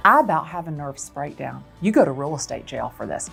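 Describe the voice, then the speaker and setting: A woman who sells real estate, telling a dramatic story in an expressive way. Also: low voice, fast talker, creaky, hardly any pauses, faint music behind. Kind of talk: animated storytelling.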